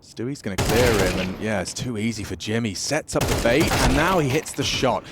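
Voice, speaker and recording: A man calling a live esports match, energetic and quick to shout at big plays. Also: medium pitch, very noisy. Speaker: esports play-by-play caster. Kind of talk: excited live game commentary. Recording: loud in-game gunfire behind. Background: loud gunfire and clicks from the match.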